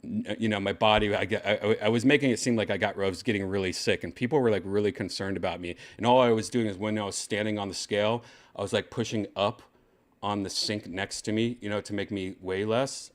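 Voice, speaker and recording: Low-voiced man telling a rambling story. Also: steady tone, fast talker. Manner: rambling, laid-back, full of restarts. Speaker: podcast host. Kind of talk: casual storytelling.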